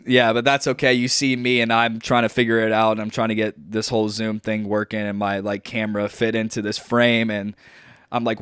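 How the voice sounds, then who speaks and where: A man's voice: on the low side, little pitch movement, brisk, fairly bright tone, clean tone, no echo, studio quality. A young man co-hosting a podcast, chatting casually in a rambling, joking way with lots of fillers. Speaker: podcast co-host. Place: at home on a video call.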